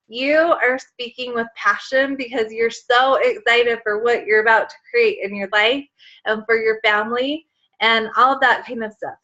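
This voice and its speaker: On a motivational sales call, the team leader, a woman in her thirties, gets emotional and occasionally tearful while chatting along with many fillers. She has a high-leaning, sharp voice, heard through dull audio.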